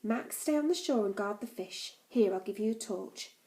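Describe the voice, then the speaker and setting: A woman's voice: medium pitch, expressive, normal speed, mellow, close to an everyday voice. Woman reading as a blunt jungle explorer. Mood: commanding. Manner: blunt, commanding instructions. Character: brisk gruff adult male jungle explorer.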